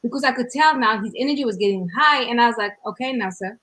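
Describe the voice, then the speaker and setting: A South African woman hosts a casual podcast chat, her voice sitting a little high. She tells stories with animated emphasis, leaning hard on the punchlines. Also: quick pace, poor audio. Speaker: podcast host.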